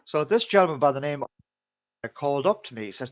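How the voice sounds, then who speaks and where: A man with a slightly high voice talks fast and animatedly while hosting a live stream, casually telling stories to the camera, swearing freely and laughing at his own tales. The audio has a somewhat dull, lo-fi quality.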